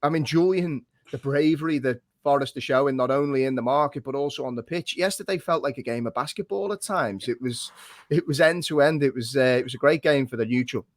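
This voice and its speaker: Podcast host, teasing, leads the talk, dry close sound. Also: male voice, medium pitch, fairly quick, no echo. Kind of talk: casual chat.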